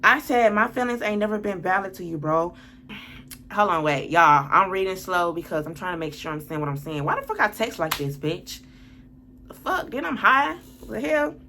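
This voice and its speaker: A woman's voice: on the low side, expressive, a little fast, bright, forceful tone, a little hiss or hum. A woman telling a storytime vlog, reading text messages aloud, blunt and exasperated, swearing often. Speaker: lifestyle vlogger.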